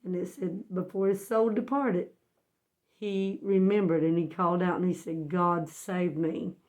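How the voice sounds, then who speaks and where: A woman's voice: medium pitch, steady tone, moderate pace, a little mellow. A woman teaching a Bible lesson as folksy storytelling, earnest and emphatic, often asking her listeners to guess what happened next.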